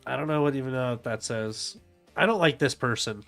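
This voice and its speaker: A man's voice: medium pitch, moderate pace, gravelly, a bit bright, soft background music. A man streaming a casual rant commentary over videos, blunt and profane, often sneering and laughing. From Canada.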